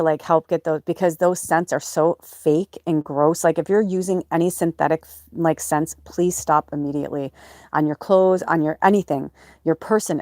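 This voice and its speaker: A woman's voice: low-pitched, a little mellow, no echo, clean studio sound. A woman podcast host talking in a rambling, emotional way, full of fillers and restarts, in a casual personal monologue. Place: off-grid home or van.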